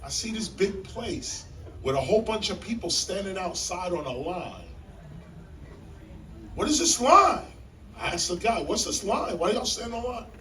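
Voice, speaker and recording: A man telling a story to a live audience in a library hall, animated and emphatic like a preacher, repeating key lines and jumping in pitch. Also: normal speed, distant mic, slight background noise. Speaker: guest speaker on stage.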